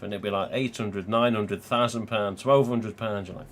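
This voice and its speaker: An English man hosting a livestream chats casually, swearing freely and laughing often. His voice is fairly low and fairly bright, with even intonation at a normal speed, over slight background noise.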